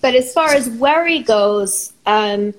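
A woman therapist, a guest on a talk show, explaining ideas in a steady teaching tone. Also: a little high, takes it slowly, a little hiss or hum, low-quality recording. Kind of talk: conversational explanation.

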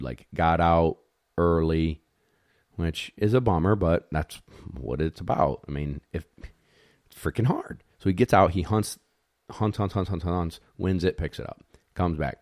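Low-voiced man telling a dog story. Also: no room sound, clean studio sound. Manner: animated, acts out dogs and judges; blunt, mild swearing. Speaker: retriever dog handler. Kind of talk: casual storytelling.

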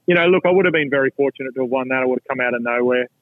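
A middle-aged Australian man, a podcast guest telling golf stories in a lively, blunt way with salty asides. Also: medium pitch, racing, no echo. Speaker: podcast guest, pro golfer. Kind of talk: casual storytelling. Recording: tinny phone-like line, dry.

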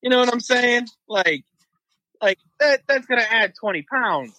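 A man's voice: very high-pitched, expressive, moderate pace, pushed and bright, no room sound, rough recording. A man co-hosting a podcast, chatting loosely about basketball with a joking, filler-heavy manner. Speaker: podcast co-host. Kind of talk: casual sports chat.

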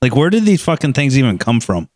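A man's voice: medium pitch, very animated, fast, darkish tone, no room sound, studio quality. A man co-hosting a podcast in casual chat, trading joking, profane banter. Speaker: podcast co-host.

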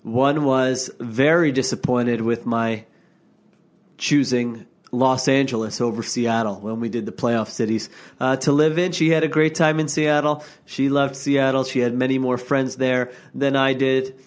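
A man's voice: mid-range voice, flat delivery, measured pace. Sardonic man co-hosting a podcast. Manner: teasing, sardonic banter. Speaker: podcast co-host. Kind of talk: casual sports podcast chat. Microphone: remote call.

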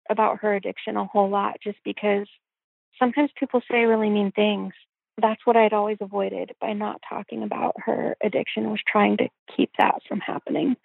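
Woman, interview guest, gravelly voice, reflective storyteller, dry tinny phone sound. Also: medium pitch, dry recording. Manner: reflective, with frequent "you know" fillers. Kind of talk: personal storytelling in conversation.

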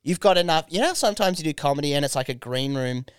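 A man's voice: on the high side, animated, fast talker, smooth, dry recording, clean studio sound. A man co-hosting a podcast, telling rambling, sweary stories in casual chat. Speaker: podcast co-host.

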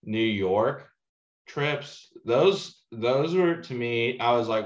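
A man co-hosting a film podcast, recalling scenes haltingly with many restarts and "um"s. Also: medium pitch, lively intonation. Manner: hesitant, restarts and "um"s while recalling. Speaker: podcast co-host. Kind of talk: casual film review chat. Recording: dull echoey room sound.

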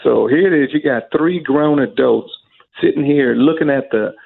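A man's voice: medium pitch, normal speed, gravelly. A middle-aged man from Alabama, an interview guest telling stories and acting out the people he quotes. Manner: animated storyteller who acts out the voices of people he quotes. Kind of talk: casual storytelling. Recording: narrow phone-like sound.

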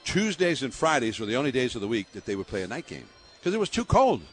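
Quick and medium-pitched, this older male voice comes from a San Francisco Bay Area baseball broadcaster recounting stories during an interview. He laughs often, and his lively tales are loaded with fillers.

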